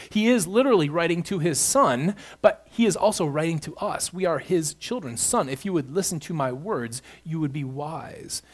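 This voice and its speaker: Man preaching an expository sermon. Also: fairly high pitch. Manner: expository preaching, builds emphasis on key lines. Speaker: pastor.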